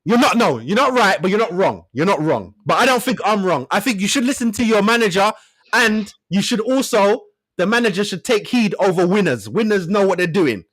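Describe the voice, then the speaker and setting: A man's voice: high-pitched, lively intonation, brisk, a bit bright, breathy edge. A man arguing his side in a heated sports debate, pressing his point again and again.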